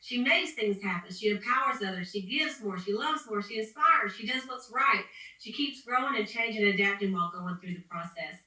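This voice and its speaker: A woman's voice: medium pitch, a little fast, pushed and bright. A woman leading a motivational sales training call, upbeat, preachy and rambling. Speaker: sales team leader. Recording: echoey room, distant from the mic.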